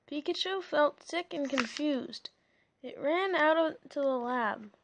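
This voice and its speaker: A woman's voice: high voice, expressive, gravelly, a little hiss or hum. A woman reading a children's storybook aloud, breaking off for casual, amused comments. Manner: slow, chatty, amused asides. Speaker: reader.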